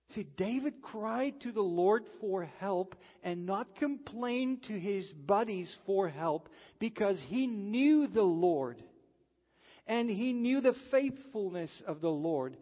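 Slow, earnest preacher in a reverberant hall. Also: male voice, high-pitched. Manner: earnest, slow, dramatic pauses when quoting scripture. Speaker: pastor. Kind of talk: sermon. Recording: dull sound with long reverb in a hall.

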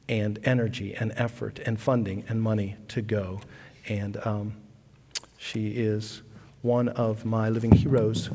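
A man speaking as a pastor, introducing a guest to his congregation in an earnest, unhurried way. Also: on the low side, a little mellow, breathy edge. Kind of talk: church sermon introduction. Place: church sanctuary. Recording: long reverb of a church hall.

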